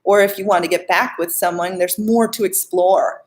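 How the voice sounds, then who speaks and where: A woman's voice: lowish voice, fairly even intonation, moderate pace. A young adult woman, a life coach, chatting casually on a live stream as she answers viewer questions.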